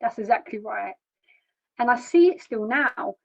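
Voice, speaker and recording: Woman giving halting personal testimony. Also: on the high side, lively intonation, vocal fry. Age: adult. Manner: plain, halting, repeats words when emotional. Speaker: charity founder sharing her story. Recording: dull lo-fi recording.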